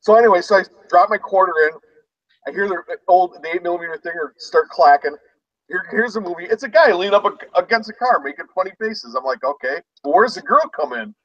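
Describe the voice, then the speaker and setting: Man, casual storyteller, high voice, swinging pitch, dull distant mic. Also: quick pace, no echo. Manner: animated storyteller, acts out shouts. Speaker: host. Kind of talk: casual chat.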